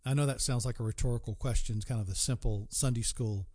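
A man with a medium-pitched, darkish voice preaches a Bible sermon earnestly. He asks the listener direct questions and slowly draws out key words for emphasis.

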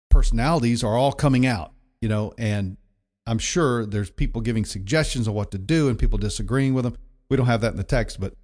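A man's voice: lowish voice, mellow. A man preaching a sermon in a conversational, emphatic way, often repeating himself for effect. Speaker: pastor.

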